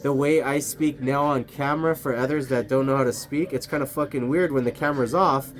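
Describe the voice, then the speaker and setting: A man's voice: medium pitch, steady tone, a little fast. A man vlogging outdoors at night, rambling casually to his camera, swearing and laughing often. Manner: rambling, profane, laughs a lot.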